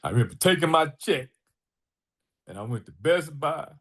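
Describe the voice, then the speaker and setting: This time the middle-aged artist and filmmaker sounds fairly high and husky, speaking at normal speed. As a podcast guest he relates a personal anecdote with energy, acting out the quoted exchanges.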